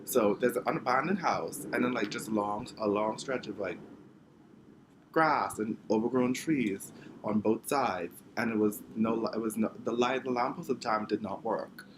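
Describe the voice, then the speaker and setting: Against background noise, a young man from the Bahamas speaks in a fairly low voice at normal speed. The vlogger dramatically recounts a funny story from his childhood, poking fun at himself.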